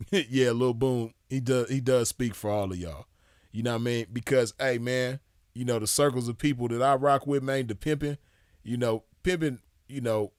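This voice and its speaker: A man's voice: mid-range voice, no room sound. Drawling, scornful man in a dry room. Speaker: commentator. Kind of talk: casual commentary.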